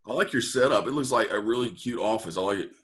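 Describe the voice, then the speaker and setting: A man's voice: mid-range voice, fast, fairly bright tone. A young man, a student on a video call, talking casually and laid-back with lots of likes and ums. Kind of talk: casual chat.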